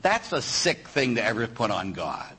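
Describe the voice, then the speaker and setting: Husky, animated priest preaching a sermon. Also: male voice, medium pitch, moderate pace, rough recording. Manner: animated, peppered with rhetorical questions and "huh?". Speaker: Catholic priest.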